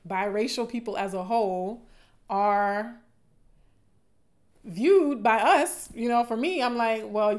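A woman's voice: mid-range voice, a little mellow. Impassioned Southern woman commentator. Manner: impassioned, emphatic, repeats phrases for stress. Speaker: video commentator. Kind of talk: casual livestream commentary.

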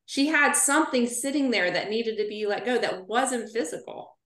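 A woman in her forties, a physical therapist, telling stories as a podcast guest in a chatty, animated way. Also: on the high side, moderate pace. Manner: chatty storyteller, animated asides. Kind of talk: casual podcast interview. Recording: roomy echo.

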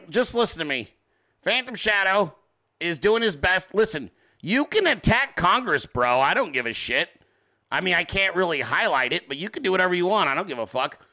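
Bright-voiced, crude-talking male host. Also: a little high. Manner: crude, profane, joking. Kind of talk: live political commentary stream.

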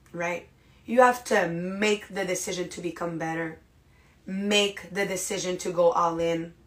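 Animated, dramatic motivational woman podcaster. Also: mid-range voice. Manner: animated and dramatic, acts out inner voices; talks straight to listeners, asks rhetorical questions. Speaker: podcast host. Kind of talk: motivational monologue.

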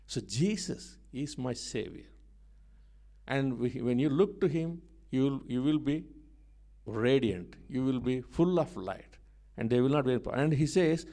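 A man preaching a sermon, driving his points home with repeated phrases and swinging between quiet asides and loud emphasis. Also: mid-range voice, animated, unhurried.

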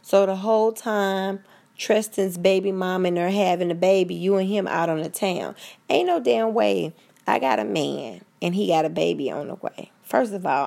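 A woman's voice: on the low side, lively intonation, fairly quick, gravelly, mellow. Blunt, profane woman ranting. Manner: blunt, profane, preachy, talks straight to listeners. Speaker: commentator. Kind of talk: casual podcast rant.

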